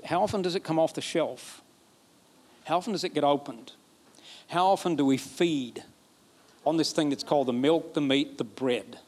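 A man from Alabama, preaching a sermon emphatically, repeating phrases and building to excited peaks. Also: fairly high pitch. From Alabama, USA. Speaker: pastor.

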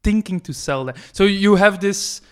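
Podcast co-host: a man, hesitant and chatty, a little high-pitched and smooth. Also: moderate pace. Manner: hesitant, many fillers and restarts, laughs often. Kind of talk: casual chat.

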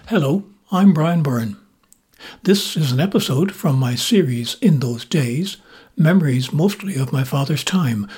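A man with an Irish accent, hosting a podcast and narrating memoir stories in a measured, gently wry manner. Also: a little high, slightly rough. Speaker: podcast host and storyteller.

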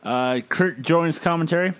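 A man's voice: a little high, normal speed, fairly bright tone, smooth. A man hosting a podcast, casually recounting events with frequent "uh" fillers. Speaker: podcast host recapping wrestling. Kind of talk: casual recap chat.

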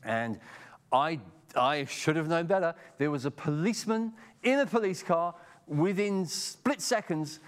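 Middle-aged man, English accent, sermon, chatty, restarts sentences, slightly high voice. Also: a little slow. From England. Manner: conversational, repeats words when starting sentences. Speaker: preacher.

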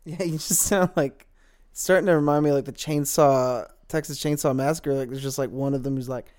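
A man's voice: mid-range voice, steady tone, a little fast, darkish tone. A man co-hosting a comedy podcast, rambling and filler-heavy in casual chat.

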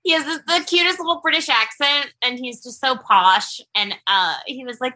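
A young woman co-hosting a podcast, telling stories in a casual, animated chat. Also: sits high, fairly quick, hardly any pauses. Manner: chatty, animated storytelling. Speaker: podcast co-host.

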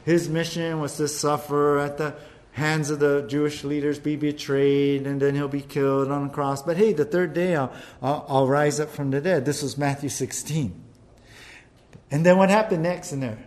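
Animated high-voiced male preacher. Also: moderate pace. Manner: animated, conversational, frequent tag questions. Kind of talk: sermon.

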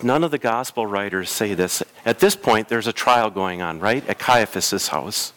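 A man's voice: medium pitch, a bit bright. A man preaching a reflective, emphatic sermon as pastor in a church. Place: church sanctuary.

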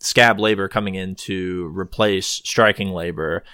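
A man's voice: low-pitched, fairly even intonation, measured pace, sharp tone, clear, resonant tone, dry recording, clean studio sound. A man hosting a casual podcast chat, thinking aloud in a rambling, hesitant way with many ums and restarts.

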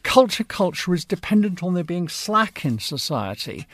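High-voiced, wry man. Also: very animated, normal speed, a bit bright, no room sound. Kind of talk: casual discussion.

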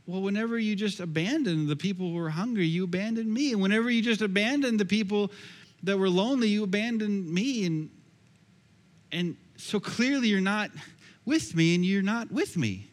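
A man's voice: high-pitched, moderate pace. A man preaching a sermon as pastor, in a conversational style with repeated phrases, recorded in a church sanctuary. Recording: long echoey hall reverb.

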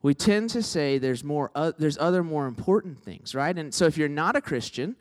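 A man's voice: a little high, animated, normal speed. A man preaching a sermon in a conversational, storytelling way, often checking in with his listeners. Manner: conversational, tags lines with "right?"; self-deprecating storyteller. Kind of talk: sermon with humorous stories.

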